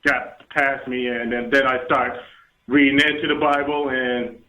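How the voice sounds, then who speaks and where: A man in his thirties calling in to a show, speaking haltingly with many restarts and fillers. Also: mid-range voice, little pitch movement, sharp tone. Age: 30s. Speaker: caller. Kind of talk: call-in chat. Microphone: phone. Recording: tinny phone line.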